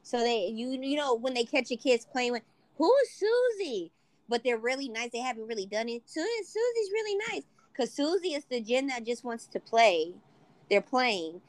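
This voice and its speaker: A woman co-hosting a casual podcast chat, animated and acting out quoted voices. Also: on the high side, normal speed, no room sound. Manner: animated, swears, acts out quotes. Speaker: podcast co-host.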